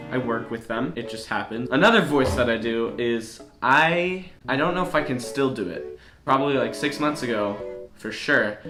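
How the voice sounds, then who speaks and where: A young man in his late teens rambles goofily to the camera and pokes fun at himself. His voice sits at a middling pitch. The room is echoey, with guitar music playing behind him. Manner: rambling, self-mocking, goofy. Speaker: vlogger. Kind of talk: casual chat to camera.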